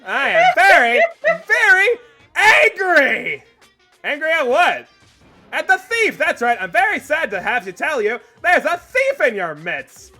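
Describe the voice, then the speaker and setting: Loud, squeaky, theatrical bear headmaster for a game read, swinging wildly up and down. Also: male voice, huge pitch swings, unhurried, faint music behind, exaggerated voice. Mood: angry. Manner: shrill, shouting, theatrical. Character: gleeful cruel male bear mascot headmaster. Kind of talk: voicing game dialogue on a stream.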